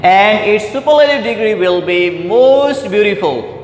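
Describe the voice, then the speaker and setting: A male teacher explains grammar slowly and deliberately, repeating each point. His voice sits high for a man. It rings in a large echoey hall with faint noise in the background. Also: animated. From Pakistan. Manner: repetitive, deliberate, addresses "my dear students". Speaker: English teacher. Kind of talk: classroom grammar lecture.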